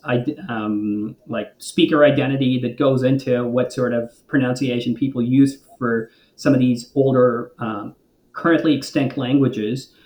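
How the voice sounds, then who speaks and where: A man as a linguist guest on a podcast, explaining at length in a thoughtful, hesitant way with frequent pauses and filler sounds. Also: medium pitch, a little mellow. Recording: roomy echo.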